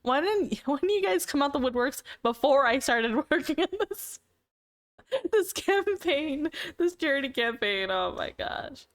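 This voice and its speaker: A woman's voice: high-pitched, very animated, unhurried. A woman streamer in casual live-stream chat with viewers, playful and teasing, laughing often between remarks.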